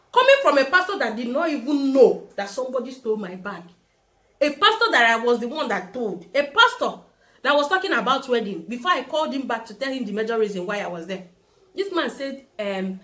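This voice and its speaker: A young woman with a Nigerian accent tells a story straight to the camera, voice riding high and swinging through a lively range. She acts out every character she quotes as she goes. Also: brisk. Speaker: vlogger. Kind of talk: storytime vlog.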